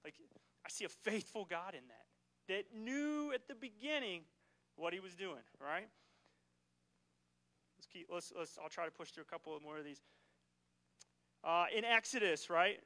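A man's voice: high-pitched, animated, normal speed, pauses often, pushed and bright, poor audio. A man preaching a casual, conversational sermon in a church, often checking in with the congregation. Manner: casual, keeps asking "right?" to the congregation.

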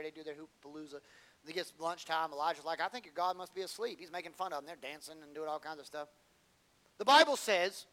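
Male preacher, folksy and animated, punchy build-ups and quiet asides; high, tense voice. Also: rough recording. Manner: folksy, colloquial delivery. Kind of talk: sermon.

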